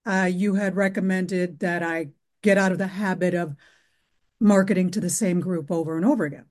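A woman's voice: fairly low pitch, steady tone, normal speed, a little mellow. A woman client explaining her business situation on a coaching call, hesitant, with many fillers.

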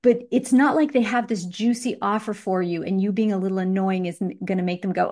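A woman coaching participants on a group call, direct and encouraging, with animated emphasis. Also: medium pitch, a little fast, creaky, few pauses. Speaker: business coach.

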